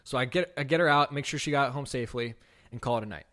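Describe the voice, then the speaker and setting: A man's voice: medium pitch, fast. Young guy ranting a story on his podcast, swears a lot, says like constantly, acts out the back and forth. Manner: casual, profane, heavy use of "like"; animated retelling with quoted dialogue. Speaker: podcast host. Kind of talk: raw unscripted storytelling.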